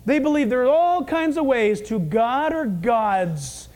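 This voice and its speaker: Male pastor, very high voice, lively sermon delivery that acts out scenes. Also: measured pace. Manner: animated, acting out quotes.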